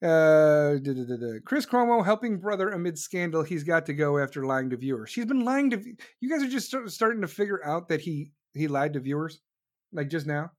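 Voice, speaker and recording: A man's voice: a little high, expressive, a little fast. A man delivering a profane, sarcastic political rant as commentator. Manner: angry, sarcastic, mocking.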